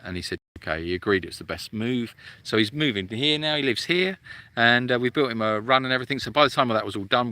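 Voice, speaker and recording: A chatty man hosting a live-stream Q&A, teasing viewers and reading out their comments with plenty of ums. His voice is very bright and sharp-edged, recorded close and dry. His pitch sits in an ordinary middle range. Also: no room sound. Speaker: animal sanctuary host. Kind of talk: casual live-stream chat Q&A.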